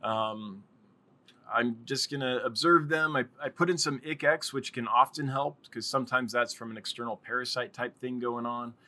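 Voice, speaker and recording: A man's voice: medium pitch, steady tone, moderate pace, pushed and bright. A man hosting a casual live stream, rambling and chatting with viewers and laughing often.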